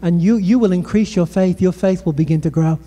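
A man's voice: high-pitched, a little fast, mellow. A male pastor from the United Kingdom preaching a passionate sermon with conversational asides in a church hall. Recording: echoey hall.

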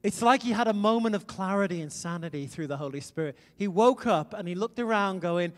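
A middle-aged man from Wales preaching a conversational sermon, emphatic, with sudden loud swells. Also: high voice, lively intonation, brisk. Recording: long reverb in a large hall.

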